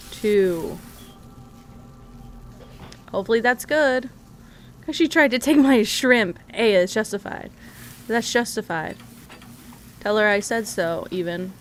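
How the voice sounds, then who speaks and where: A woman's voice: mid-range voice, slight background noise. A young woman streaming a video game, chatting casually with her viewers, laughing often and swearing freely.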